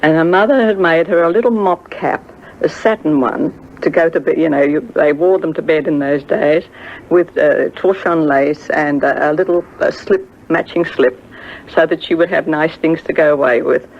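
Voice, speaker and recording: A woman's voice: sits low, moderate pace, a little mellow, lo-fi sound. An older woman telling a story about a singer she knew, hesitant and full of fillers, acting out what others said. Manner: hesitant, many fillers, acts out quoted voices. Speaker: friend recalling a singer. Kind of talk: reminiscing anecdote.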